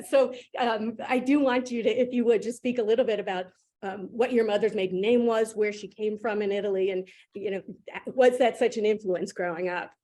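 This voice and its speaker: A woman's voice: mid-range voice, fairly even intonation, normal speed, dark tone. Laughing, enthusiastic woman co-host. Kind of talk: casual interview chat.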